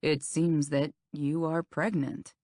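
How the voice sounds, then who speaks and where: A woman reading an audiobook, voicing a calm, reassuring male doctor in a soothing, matter-of-fact way. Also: a little high, slow pace, dry recording, clean studio sound.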